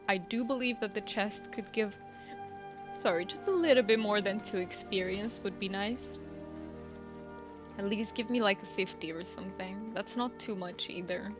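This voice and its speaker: A young woman game streamer chatting casually and relaxed, laughing easily. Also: mid-range voice, a little slow. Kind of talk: casual live-stream chat. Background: faint game music.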